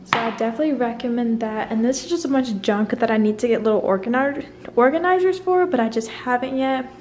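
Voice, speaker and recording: A woman's voice: a little high, fast, darkish tone, a little hiss or hum. A young woman in her apartment giving a chatty, rambling tour on her phone camera, a little out of breath. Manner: chatty and bubbly, rambling asides. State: slightly out of breath. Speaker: vlogger. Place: small apartment indoors.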